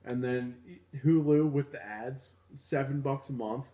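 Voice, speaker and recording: A man's voice: mid-range voice, a little slow, mellow, slight background noise. Laid-back young man in an echoey room. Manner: laid-back, filler-heavy, chatty. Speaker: podcast co-host. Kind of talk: casual chat. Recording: roomy echo.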